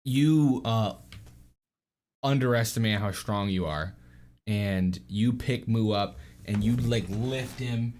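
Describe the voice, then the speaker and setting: A man's voice: on the low side, slow pace, a little mellow. A man narrating as game master of a tabletop game, rambling with lots of fillers. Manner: rambling, filler-heavy and giggly.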